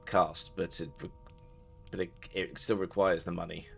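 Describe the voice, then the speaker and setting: A man's voice: sits low, little pitch movement, normal speed, gravelly, fairly bright tone, soft background music. A man narrating a tabletop game as dungeon master, casual and rambling. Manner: rambling, many fillers and restarts.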